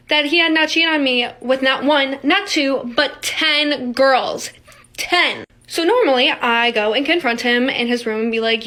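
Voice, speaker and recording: A woman's voice: high-pitched, a bit bright. A young woman telling a personal story in a blunt, matter-of-fact way, acting out quoted dialogue. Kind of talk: casual storytime to camera.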